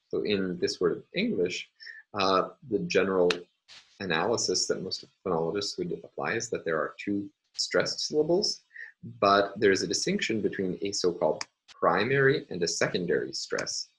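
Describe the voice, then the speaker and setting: A man's voice: deep voice, a bit bright, low-quality recording. A man lecturing on a university course, explaining steadily with frequent fillers.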